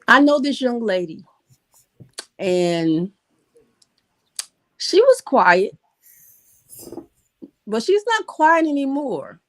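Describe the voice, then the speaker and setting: A middle-aged woman co-hosting a casual talk show, telling candid stories in relaxed Southern American phrasing. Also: fairly high pitch, drawn-out words, long pauses. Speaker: podcast co-host. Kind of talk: casual conversation.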